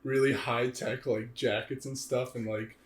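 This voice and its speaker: A young man co-hosting a podcast, chatting in an animated way, laughing often and filling his talk with "like" and "dude". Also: mid-range voice, measured pace. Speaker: podcast co-host. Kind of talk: casual chat. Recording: echoey room.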